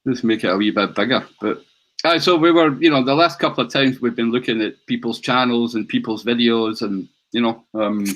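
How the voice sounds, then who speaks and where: A Scottish man joins a livestream as a guest, talking in an easygoing way and laughing often as he explains things. His voice has a middle pitch, heard over a video call. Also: brisk, fairly bright tone. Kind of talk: casual livestream chat.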